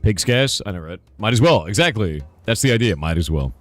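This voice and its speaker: Deep hoarse man chatting on stream. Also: lively intonation, fairly quick, faint music behind. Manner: rambling, answers chat with asides and "right?". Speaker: streamer and game developer. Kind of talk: casual live-stream chat.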